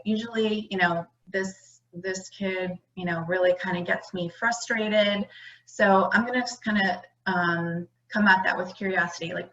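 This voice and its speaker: A woman's voice: lowish voice, fairly bright tone. A woman mindfulness educator giving an online conference talk to teachers, conversational and full of fillers and restarts. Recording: muffled lo-fi audio.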